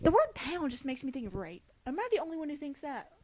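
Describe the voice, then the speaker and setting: A woman's voice: high voice, big pitch swings, fast talker, mellow. Young woman reading aloud, sarcastic. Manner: dramatic reading broken by sarcastic quips. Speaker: reader. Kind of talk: reading a novel aloud with joking asides.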